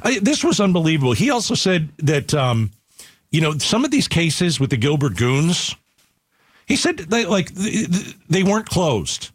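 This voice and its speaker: Angry, emphatic talk radio host. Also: male voice, a little high, big pitch swings, moderate pace, husky, no echo, studio quality. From Arizona. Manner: angry, emphatic, repeats himself.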